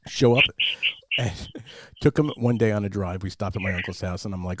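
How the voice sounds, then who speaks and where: A man hosting a podcast, telling a relaxed story with hesitant fillers. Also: on the low side, a little fast, no echo, clean studio sound. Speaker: podcast host. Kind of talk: casual podcast chat.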